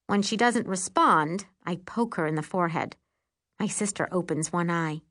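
A woman narrating a first-person audiobook in a lively, expressive storytelling manner. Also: lowish voice, normal speed.

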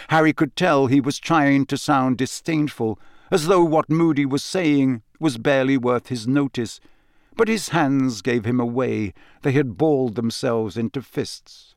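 A man narrating a fantasy novel audiobook in an expressive reading. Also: mid-range voice, measured pace, dry recording, studio quality. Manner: expressive, lively.

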